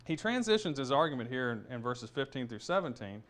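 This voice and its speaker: Middle-aged guy teaching bible study, average pitch, talks it through casually w/ lots of uhs and restarts. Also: very animated, a little fast, a bit bright. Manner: explanatory, thinking aloud with restarts and fillers.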